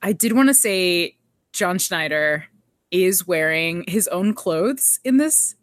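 A woman's voice: lowish voice, lively intonation, slow pace, dry recording. Woman co-host, chatty recapper with a light laugh, dry close sound. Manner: chatty, laughs often, quotes characters. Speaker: podcast co-host. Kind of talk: casual recap chat.

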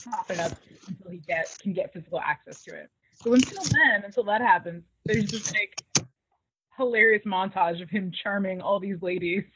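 A woman co-hosting a podcast, casually recapping an episode in an animated way with laughter. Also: mid-range voice, normal speed, background noise. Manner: animated, laughing, acts out quoted lines. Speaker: podcast co-host. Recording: tinny phone-like dry sound.

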